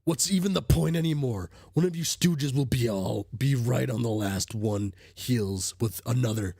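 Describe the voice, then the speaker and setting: A man's voice: medium pitch, moderate pace, gravelly, mellow, husky, no echo, studio quality. A sick man reading aloud as an irritable young male troll, ranting and insulting in an exasperated tone. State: sick, with a cough.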